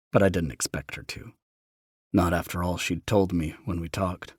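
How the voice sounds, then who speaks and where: Man reading a romance audiobook, very deep voice, tender and slow, dry studio sound. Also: steady tone, husky, dry recording. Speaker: audiobook narrator. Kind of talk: first-person romance narration.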